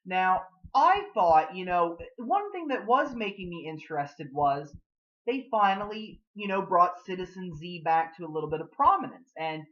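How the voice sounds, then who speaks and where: A man's voice: high voice, sing-song, a bit bright, lo-fi sound. A man giving a casual spoken review of a TV episode. He rambles and leans hard on fillers like "you know" and "like". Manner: acts out characters' lines in quick bursts.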